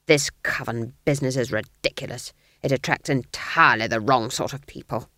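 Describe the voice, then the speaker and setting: A woman's voice: fairly low pitch, very animated, slow pace, no room sound, clean studio sound. A woman voicing an earthy, bawdy old female witch who talks defensively and sneers, now and then shrieking. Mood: menacing.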